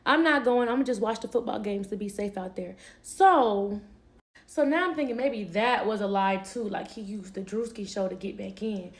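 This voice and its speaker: A woman's voice: medium pitch, normal speed. A young woman telling a personal story in a casual, candid way, swearing and laughing easily.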